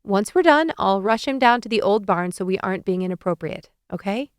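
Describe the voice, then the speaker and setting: A woman narrating a first-person audiobook with a lively, expressive reading on a close studio mic. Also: mid-range voice, brisk, clear, resonant tone, no room sound.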